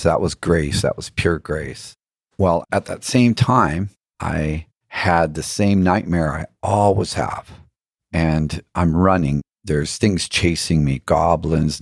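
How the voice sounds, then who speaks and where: A man with a very low, husky voice tells spiritual stories in an earnest, musing way. He often asks rhetorical questions and laughs from time to time. The sound is dry and close. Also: darkish tone, no echo. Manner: laughs now and then while telling stories. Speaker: podcast guest. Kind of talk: reflective spiritual storytelling.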